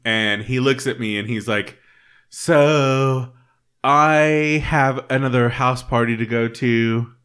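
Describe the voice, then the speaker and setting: A man's voice: medium pitch, slow, fairly bright tone. A man on a casual podcast, telling a story and acting out both sides of an argument. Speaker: podcast host.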